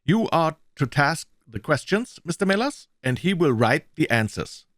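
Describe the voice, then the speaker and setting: A man's voice: fairly high pitch, big pitch swings, moderate pace, fairly bright tone, no echo, clean studio sound, voice pushed up. A man with a German accent voicing a sinister, giggling older male kidnapper who threatens his captive. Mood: menacing. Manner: menacing, sneering threats.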